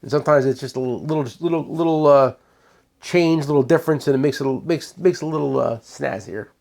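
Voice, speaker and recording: A tool shop owner, a man, walks through his products in a loose, chatty sales pitch. He rambles, repeats himself and restarts his sentences as he goes. His voice sits somewhat high for a man. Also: fast, vocal fry, darkish tone. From United States.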